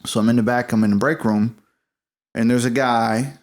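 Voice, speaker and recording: A man's voice: mid-range voice, normal speed. A man co-hosting a podcast, joking around and telling a work story in casual slang. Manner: animated, joking, says "bro" and "yo". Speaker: podcast co-host. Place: new apartment room.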